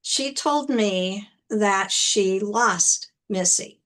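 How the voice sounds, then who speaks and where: A woman motivational speaker telling a personal story in a gentle manner, often repeating words as she goes. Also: medium pitch. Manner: gentle, unhurried, repeats words while recounting.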